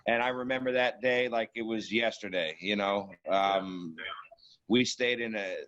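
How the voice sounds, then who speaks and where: A man's voice: lowish voice, a little slow, a bit bright, muffled recording. A man reminiscing in a casual podcast chat, repeating words as he talks.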